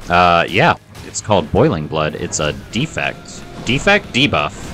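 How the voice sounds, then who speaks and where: A man's voice: low-pitched, sing-song, measured pace, pushed and bright, soft background music. A man giving playful, self-mocking commentary while playing a video game. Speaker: gaming video host. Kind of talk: let's play commentary.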